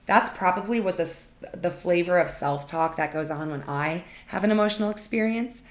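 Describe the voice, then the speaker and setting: A woman's voice: lowish voice, normal speed, hardly any pauses. A woman relationship coach hosting her own podcast, speaking in a chatty, informal way straight to her listeners. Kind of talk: solo podcast monologue. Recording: echoey room.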